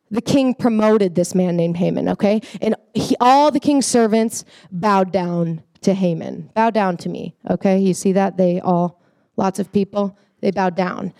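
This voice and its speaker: A woman teaching children a Bible story in a casual, animated way, often checking in with her listeners. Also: a little high, no echo, clean studio sound. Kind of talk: animated storytelling lesson for kids.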